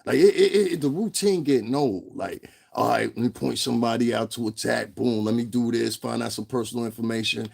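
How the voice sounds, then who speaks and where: A man's voice: medium pitch, brisk, gravelly, few pauses, darkish tone, slightly rough. A man, ranting profanely in fired-up commentary and repeating himself. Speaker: commentary channel host.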